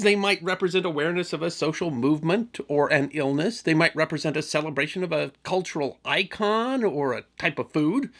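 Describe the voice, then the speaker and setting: A man hosting a history show, giving scripted narration with a wry, measured storytelling delivery. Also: on the high side, a bit bright.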